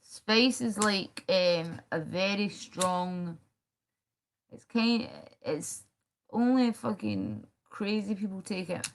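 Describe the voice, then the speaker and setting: A woman's voice: medium pitch, animated, slow, slight background noise. A Scottish woman rambling and swearing on a live stream, chatting directly to her viewers. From Scotland.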